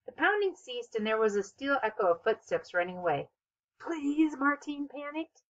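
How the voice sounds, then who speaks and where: A woman reading a children's novel aloud as narrator, with expressive, steady storytelling. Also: fairly high pitch, a little fast, dull audio. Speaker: audiobook narrator. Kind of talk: scripted narration.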